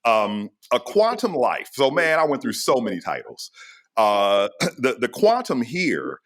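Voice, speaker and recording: Animated middle-aged man telling stories. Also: medium pitch, a little slow. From United States. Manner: animated, slangy, storytelling. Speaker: astrophysicist guest. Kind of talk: casual storytelling in an interview.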